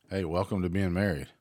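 A man's voice: low-pitched, gravelly, slightly rough, dry recording, clean studio sound. A man hosting his own show, delivering an angry political rant with frequent swearing. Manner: ranting, swears freely. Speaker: show host. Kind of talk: political commentary monologue. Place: home.

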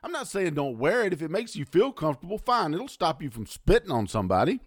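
A middle-aged man rants as a talk show host, cursing freely and dripping with sarcasm. His pitch leaps and drops as his temper flares. The sound is close and dry, with no room echo. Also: very animated, fast talker, husky. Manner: profane, heated and sarcastic. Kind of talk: angry political rant.

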